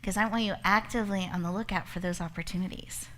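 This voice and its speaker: A woman's voice: mid-range voice, steady tone, fast talker. A woman giving a motivational talk, telling a story and speaking straight to her listeners. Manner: warm storytelling with laughter, addresses listeners directly. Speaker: speaker and host.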